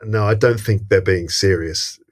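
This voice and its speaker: A man co-hosting a casual film podcast with a fairly low voice. He works through his opinions thoughtfully, pausing often with fillers and restarts. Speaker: podcast co-host.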